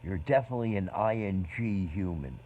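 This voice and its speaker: A man in casual, meandering talk about faith, often halting and restarting his sentences. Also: lowish voice, lively intonation, warm tone. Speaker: speaker in a faith conversation. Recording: dull lo-fi sound with faint noise.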